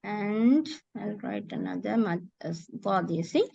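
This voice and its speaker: A woman teaching Quran recitation in an online lesson, demonstrating words slowly and often correcting herself. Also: mid-range voice, animated, creaky, dark tone, slightly rough, no echo. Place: online video call. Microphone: computer mic on a video call. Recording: dull, dry video call audio.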